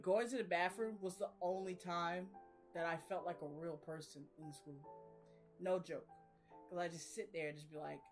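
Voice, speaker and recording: Rambling, slangy young woman vlogger. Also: on the low side. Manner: rambling and slangy, laughs often. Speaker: reading vlogger. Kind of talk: casual chat.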